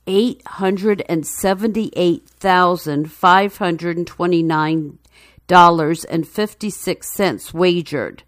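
Female narrator for a news feature: low voice, dry close sound, measured and even. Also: no echo.

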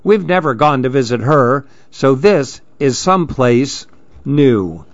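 A man's voice: mid-range voice, expressive, takes it slowly, dry recording, muffled recording. A man voicing a nervous little girl who chatters about her worries. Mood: worried. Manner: fretful, chattering.

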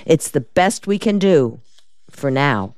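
A woman's voice: low-pitched, animated, slow, a little mellow, no room sound. A woman reading the part of a shrewd, wisecracking male defense lawyer in an audiobook, in a dry, decisive manner.

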